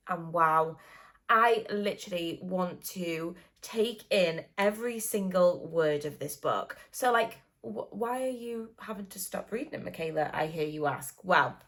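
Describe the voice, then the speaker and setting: A woman's voice: on the low side, a bit bright. A young British woman chatting at home in a casual book vlog, bubbly and gushing, with lots of likes and ums. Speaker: book vlogger.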